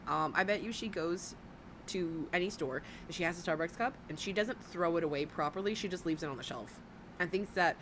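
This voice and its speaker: A woman's voice: fairly low pitch, brisk, slight background noise. A woman giving mocking, sarcastic reaction commentary on a streamer's clips.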